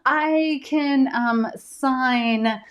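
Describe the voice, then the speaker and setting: A woman's voice: high voice, very slow, highs cut off. Chatty, giggly woman. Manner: chatty and giggly, many ums. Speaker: author hosting a live stream. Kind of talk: casual live-stream chat.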